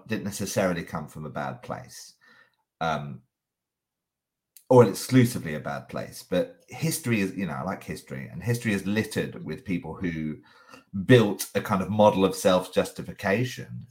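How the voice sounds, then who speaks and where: A middle-aged man with a cold, talking in a thoughtful, hesitant way in a reflective conversation. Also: low voice. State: has a cold, coughing.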